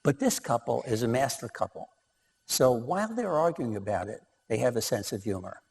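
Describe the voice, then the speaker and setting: Husky, lively relationship lecturer. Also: male voice, mid-range voice, moderate pace, long reverb tail. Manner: conversational, with many fillers. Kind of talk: lecture presentation.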